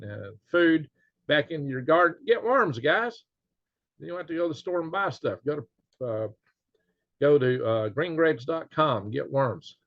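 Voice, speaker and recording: A man's voice: mid-range voice, no room sound. Rambling folksy man, dry lo-fi sound. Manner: rambling, folksy, lots of uh fillers and self-chuckles. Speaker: channel host. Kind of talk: casual commentary. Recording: dry, slightly dull lo-fi sound.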